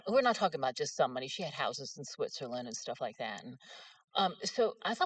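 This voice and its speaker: A woman's voice: a bass voice, sing-song, a little fast, no echo, recorded from a distance. Folksy woman telling stories. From West Virginia. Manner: folksy, self-mocking storyteller. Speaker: author giving a talk. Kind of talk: humorous storytelling talk.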